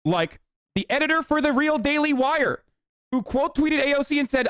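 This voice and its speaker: A man's voice: extremely high pitch, lively intonation, normal speed, a bit bright, dry recording, clean studio sound. A man casually riffing as a streamer, reacting to posts with mocking, profane commentary.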